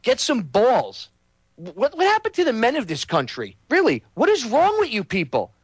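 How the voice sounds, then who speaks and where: A high-voiced man delivers a heated political rant, hammering listeners with repeated rhetorical questions. His voice sounds close and dry, with no room around it. He speaks as the host of his own show. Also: huge pitch swings, normal speed, breathy edge, dry recording.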